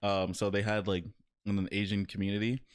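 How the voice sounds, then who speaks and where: A young man on a podcast, chatting in loose, slangy talk. His voice sits on the low side, and he rambles through his stories. He acts out the people he describes as he goes. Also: level tone, brisk, clear, resonant tone. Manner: slangy, rambling storyteller who acts out quotes. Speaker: podcast co-host. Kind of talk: casual chat.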